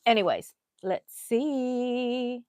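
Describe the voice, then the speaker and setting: A woman's voice: a little high, extremely slow, dark tone, no room sound. Chatty woman crafting on livestream. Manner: chatty, rambling, reads out viewer comments. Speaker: crochet livestream host. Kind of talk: casual livestream chat.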